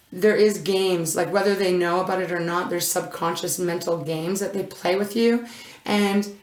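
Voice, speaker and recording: Woman tarot reader, lower voice, effusive and rambling, recorded in an echoey room. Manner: effusive, gushing over each card; rambling with frequent restarts and fillers. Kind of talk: casual tarot reading.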